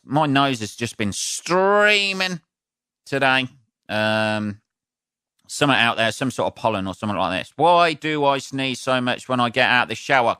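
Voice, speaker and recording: A man's voice: mid-range voice, sharp tone, clear, resonant tone, dry recording, studio quality. A man hosting his own podcast, rambling and swearing casually, sniffly from sneezing, laughing at his own jokes. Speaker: podcast host. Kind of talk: casual solo podcast rant.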